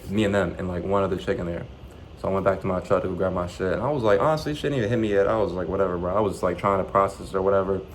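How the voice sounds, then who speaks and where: A young man casually telling a story to the camera, animated and profane, full of slang and fillers, with faint noise behind him. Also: low-pitched, racing, low-quality recording. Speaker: vlogger.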